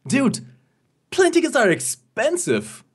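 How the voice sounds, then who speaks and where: A man's voice: extremely high pitch, huge pitch swings, slow pace, husky. A young man, a college student, casting a live game stream with chatty, laughing banter. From lived in Germany early in life. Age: young adult. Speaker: esports caster. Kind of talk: casual live stream commentary.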